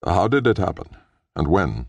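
A man's voice: low-pitched, sing-song, moderate pace, vocal fry, dry recording, full character voice. A man voicing a composed, inquisitive male scientist in an audiobook. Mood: wry.

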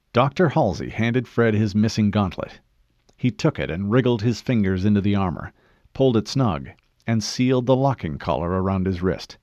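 A low-pitched male narrator reading a novel, with a lively, wide-ranging delivery that rises and falls through the story. The sound is muffled and dry, close to a studio mic with no room around it. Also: dry recording. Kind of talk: audiobook narration.

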